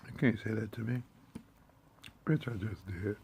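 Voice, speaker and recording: A man delivering a profane, confrontational monologue in streetwise slang. He swings between hushed muttering and sudden loud outbursts. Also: on the low side, measured pace, creaky, background noise. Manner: streetwise slang, heavy swearing.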